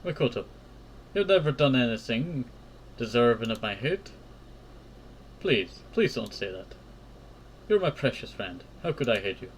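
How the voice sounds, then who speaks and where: A man reading as a gentle, loyal young woman. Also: mid-range voice, very animated, unhurried, long pauses, a little hiss or hum, poor audio. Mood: reassuring.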